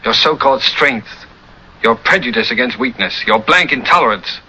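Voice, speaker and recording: Smooth snooty 40s movie leading man, super bright tone, bit of hiss. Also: medium pitch, animated, moderate pace, dull audio. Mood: scornful. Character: suave, scornful man lecturing a proud woman. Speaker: film actor in a romantic scene. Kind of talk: 1940s film acting. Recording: old film audio with faint noise.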